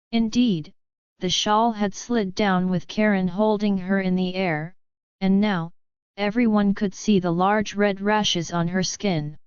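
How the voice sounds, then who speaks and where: A woman narrating a fantasy audiobook in a steady, measured way. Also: mid-range voice, smooth, no echo, lo-fi sound.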